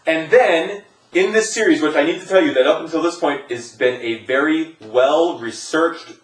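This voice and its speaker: A man's voice: fairly high pitch, normal speed. Enthusiastic man chatting in a roomy space. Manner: enthusiastic, rambling with fillers. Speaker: podcast co-host. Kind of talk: casual podcast chat. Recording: roomy echo.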